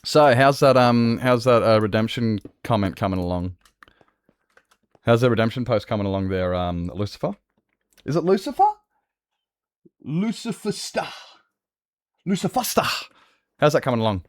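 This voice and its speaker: A man with an Australian accent streaming a game, chatting with his audience in a vulgar, jokey way that is rough around the edges. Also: medium pitch, a little fast, dry recording. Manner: animated, jokey, laughs often. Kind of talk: live game-stream chat.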